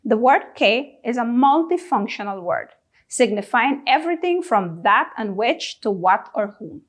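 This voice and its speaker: A woman with a fairly high, animated voice runs a slow language lesson. She's Guyanese, and she pauses after drilling each question word so the listener can repeat after her.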